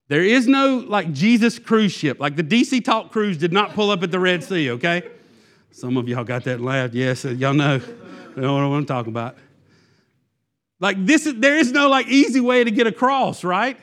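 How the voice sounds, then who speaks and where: A man preaching a sermon, animated and acting out the Israelites' complaints in quoted voices. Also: high-pitched, normal speed. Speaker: pastor.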